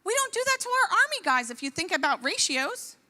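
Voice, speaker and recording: A woman in her forties, a physician, giving an impassioned talk at a church, indignant and animated, her voice rising to exclamations. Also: very high voice, brisk. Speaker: physician speaker. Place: large church hall. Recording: long hall reverb.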